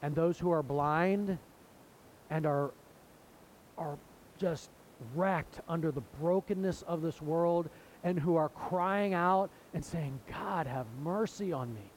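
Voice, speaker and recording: A man's voice: on the high side, slow pace, a little hiss or hum, rough recording. A man preaching a sermon in an earnest way, now and then acting out the voices of people in the story. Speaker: pastor.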